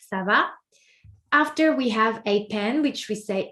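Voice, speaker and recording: A woman teaching pronunciation, speaking slowly and patiently in a fairly high voice. She repeats each word several times and stops to ask the listener what they notice. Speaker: French teacher. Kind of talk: slow, careful pronunciation lesson.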